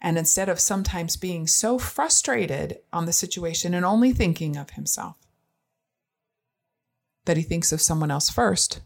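A mother talking earnestly about her son, thoughtful and reflective, sometimes dropping to a soft near-whisper. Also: lowish voice, animated, normal speed, vocal fry. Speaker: parent. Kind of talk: casual storytelling monologue.

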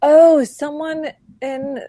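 A woman's voice: sits high, little pitch movement, drawn-out words, mellow, dry recording. A woman guest on a casual podcast, chatty and poking fun at herself. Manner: chatty, self-mocking.

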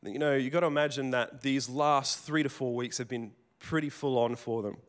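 With the plain speech of a working tradesman, this man delivers a sermon in a conversational, storytelling style full of asides and casual restarts. His mid-range voice holds a steady tone at a moderate pace.

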